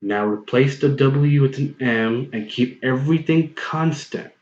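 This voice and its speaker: A man's voice: medium pitch, measured pace, darkish tone. A man giving a patient, step-by-step pronunciation tutorial, repeating points and often checking in with okay. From United States. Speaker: online language tutor. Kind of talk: explanatory tutorial voice-over. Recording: roomy, slightly dull home recording.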